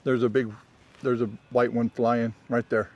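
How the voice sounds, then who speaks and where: Man, casual trail vlogger, teasing humor, average pitch, unhurried outdoor chat. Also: level tone, lo-fi sound. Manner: joking, teasing, laughs often.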